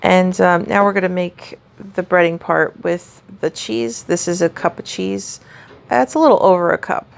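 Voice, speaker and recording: A woman's voice: lowish voice, normal speed, gravelly. A woman casually walking through a home cooking recipe, chatty and rambling with lots of fillers. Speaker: home cook showing a recipe.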